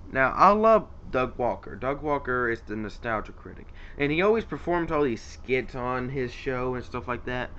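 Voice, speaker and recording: A man's voice: medium pitch, fairly bright tone, highs cut off, a little hiss or hum. A man casually rambling about his favorite voice actors in an unscripted vlog, with lots of fillers and restarts. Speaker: YouTuber ranking voice actors.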